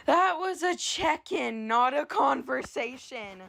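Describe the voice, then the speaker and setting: A woman's voice: sits high, animated, slow pace, vocal fry, a bit bright, pitched above the performer's own voice, heavily acted. A woman doing a blunt pushy female friend. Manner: pointed, insistent. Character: blunt teasing woman who calls out her friend. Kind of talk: amateur story read-aloud.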